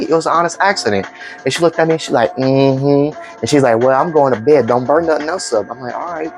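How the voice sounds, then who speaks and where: A man's voice: on the high side, quick pace, soft background music. A young man telling a casual storytime vlog, acting out family members' lines in raised voices. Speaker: vlogger.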